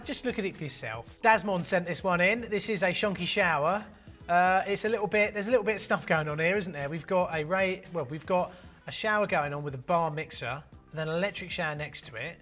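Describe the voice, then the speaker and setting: Cheeky man, slightly high voice. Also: fairly bright tone. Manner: cheeky banter with crude jokes. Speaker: plumber and channel host. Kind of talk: casual jokey commentary. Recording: faint background music.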